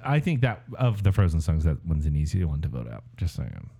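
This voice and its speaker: A man's voice: a bass voice, sing-song, fairly quick, gravelly, dark tone. A man hosting a casual podcast, introducing each matchup in an announcer-like way. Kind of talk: casual chat.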